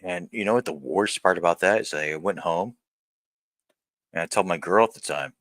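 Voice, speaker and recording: A deep-voiced man in his thirties vlogs straight to camera, blunt and profane. His voice is low but hard-edged and forceful, and the sound is dry and close. He rambles, stops and restarts as he talks. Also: moderate pace, no room sound. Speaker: vlogger. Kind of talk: candid personal vlog rant.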